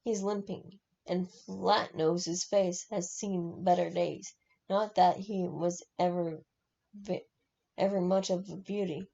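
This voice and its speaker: Rasping catlike storybook villain, read by a woman: gravelly, mellow-toned, dull lo-fi sound. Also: on the low side, fairly even intonation, slow, exaggerated voice. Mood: mocking. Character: menacing male henchman with rasping catlike voice.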